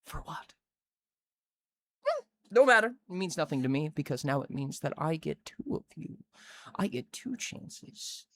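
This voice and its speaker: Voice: mid-range voice, sing-song, unhurried, long pauses. Narrator doing a clawed witch matriarch. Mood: sweetly menacing. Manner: coaxing, calls others honey and sweetie. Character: menacing clawed female witch matriarch, falsely sweet.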